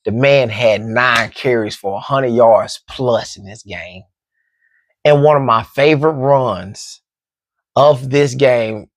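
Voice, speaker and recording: A man's voice: medium pitch, no room sound. Joking man talking football, dry close sound. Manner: laid-back, joking, candid. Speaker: sports commentary host. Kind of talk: casual football commentary.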